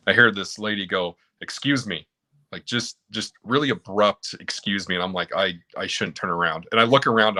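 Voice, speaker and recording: Bright-voiced man telling shop stories. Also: low-pitched. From Utah. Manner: storytelling, acts out both sides of customer exchanges. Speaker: mobile automotive technician, guest. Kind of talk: casual chat.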